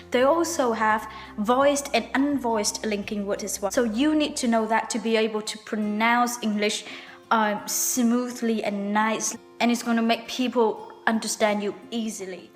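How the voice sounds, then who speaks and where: Young vietnamese-accented woman teaching english pronunciation, highish voice, long reverb, soft music behind. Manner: slow, emphatic teaching delivery. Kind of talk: video lesson.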